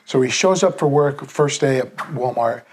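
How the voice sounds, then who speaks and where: A man with a husky, slightly rough voice, teaching sales in a loose, conversational way. He tells a story and jumps into the voices of the people in it. His pitch sits in an ordinary middle range for a man. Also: moderate pace, darkish tone. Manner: casual storytelling, acts out quoted people. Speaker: sales trainer.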